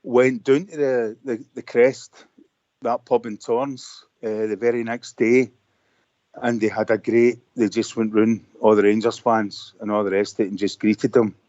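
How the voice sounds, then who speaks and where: A man calling in to a radio show, telling an excited rambling story full of fillers. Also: medium pitch, a little slow, no room sound. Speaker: caller. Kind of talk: phone-in call. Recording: dull lo-fi phone call.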